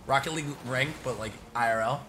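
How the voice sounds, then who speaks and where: A man chatting casually while playing an online match, calmly encouraging his teammate and calling out plays over a headset voice chat. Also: medium pitch, background noise. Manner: calm, encouraging, gives quick callouts to a teammate. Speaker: gamer and channel host.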